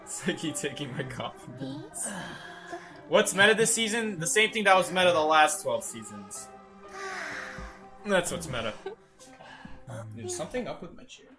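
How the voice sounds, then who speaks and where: A man's voice: on the high side, big pitch swings, moderate pace, pauses often, over loud music. A man streaming a game live, commenting on his play and joking with chat, laughing often from a basement room.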